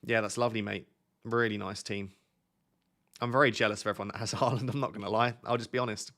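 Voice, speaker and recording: A man's voice: lowish voice, steady tone, fast, a bit bright. A young man hosting a casual live stream, joking and reading out viewer comments. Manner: joking, reads chat aloud. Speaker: FPL streamer.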